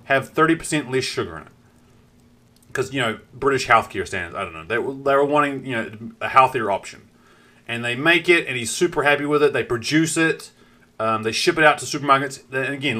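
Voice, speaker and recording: Kiwi male streamer, crisp bright tone, animated storyteller who swears freely. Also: mid-range voice. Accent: New Zealand. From New Zealand. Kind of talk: casual live-stream chat.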